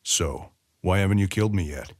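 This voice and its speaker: Tired swordsman guy, low voice, short dry answers, as a guy reads him. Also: a little fast, dry recording, lightly acted. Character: cold, weary male swordsman, dry and guarded.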